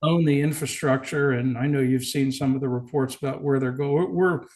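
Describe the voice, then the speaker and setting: A man who is a company executive, a guest on a business podcast telling a story in casual chat, relaxed, with small restarts. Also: medium pitch, fairly quick.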